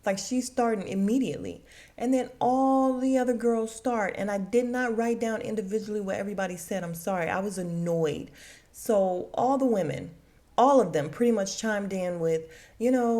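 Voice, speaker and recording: A woman hosts a podcast and talks through a TV episode in a loose, casual chat. She is blunt and opinionated and swears freely, with a pitch in the ordinary middle range for a woman. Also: normal speed, mellow. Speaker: podcast host. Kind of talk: casual TV recap.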